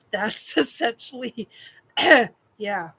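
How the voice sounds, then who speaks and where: A woman's voice: high-pitched, bright, forceful tone, rough recording. A woman hosting a casual chat show, telling a funny personal story in a candid, blunt way and laughing often. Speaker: podcast host.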